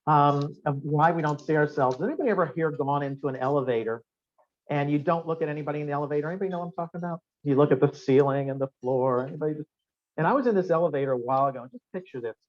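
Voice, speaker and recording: A man giving a seminar talk in a restaurant function room, telling anecdotes in a lively way and quizzing the audience with questions. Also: on the high side, racing. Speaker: guest speaker. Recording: dull lo-fi room recording.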